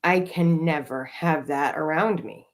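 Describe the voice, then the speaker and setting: A woman's voice: sits low, unhurried. A middle-aged woman co-hosting a podcast, telling a candid, emotional recovery story with plenty of swearing and filler words. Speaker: podcast co-host.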